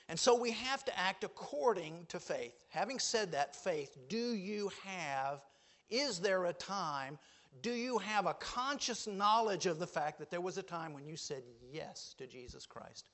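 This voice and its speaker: A man preaching a sermon, quoting scripture with emphatic swings between loud declarations and hushed lines. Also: high voice, lively intonation, normal speed.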